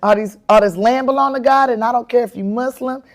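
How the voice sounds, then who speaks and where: Animated woman telling stories with laughter. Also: fairly high pitch, fairly quick. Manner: animated, acts out her own quotes with bursts of laughter. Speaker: comedian and actress, interview guest. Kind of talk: candid storytelling in an interview.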